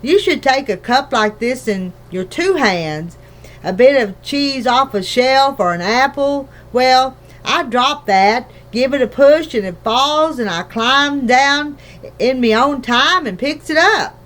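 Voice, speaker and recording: A woman's voice: high-pitched, animated, slow, fairly bright tone, heavily acted. A woman reading a storybook aloud, voicing a small, careful father who rambles in homely country speech. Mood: earnest. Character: small careful father, tiny borrower man.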